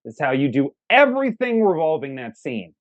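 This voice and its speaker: A man's voice: a little high, big pitch swings, brisk, lo-fi sound. A man co-hosting a movie review, emphatic and enthusiastic as he praises favorite lines. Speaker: co-host of a movie review show. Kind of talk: casual review chat.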